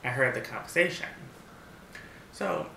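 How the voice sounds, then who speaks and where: Bright-voiced man rambling in a roomy echo. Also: mid-range voice, lively intonation, a little slow, vocal fry, a little hiss or hum. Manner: rambling storyteller, many restarts and fillers. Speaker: mukbang vlogger. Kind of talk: casual chat. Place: home, seated eating at a table.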